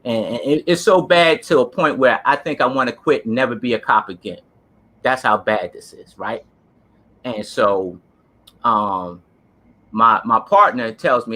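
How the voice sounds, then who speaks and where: A man tells a story in a casual, earnest, emphatic way. His voice is bright and forceful at a middle pitch. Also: normal speed. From New Jersey. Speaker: co-host, former police officer.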